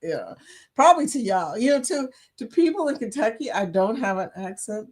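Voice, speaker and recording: A woman's voice: a little high, very animated, moderate pace. A woman with a Southern US accent hosting a casual livestream, chatty, laughing often and greeting viewers by name. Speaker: livestream host.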